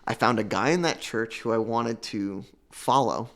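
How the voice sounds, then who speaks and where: A young man telling his own recovery story in an earnest, halting way, repeating words and fighting back tears. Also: mid-range voice. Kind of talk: emotional personal testimony.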